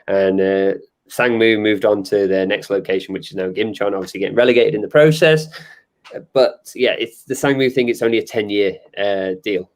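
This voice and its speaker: A man with a slightly low voice talks through things on a casual podcast. He explains at length with dry humor and pads his sentences with fillers. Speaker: podcast co-host.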